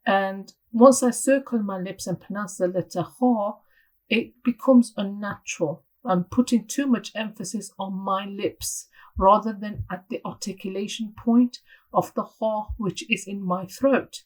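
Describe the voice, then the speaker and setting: A woman's voice: mid-range voice, measured pace, rough recording. A woman teaching pronunciation to teachers, explaining patiently and sounding out example syllables. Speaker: Tajweed teacher trainer. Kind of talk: instructional lesson.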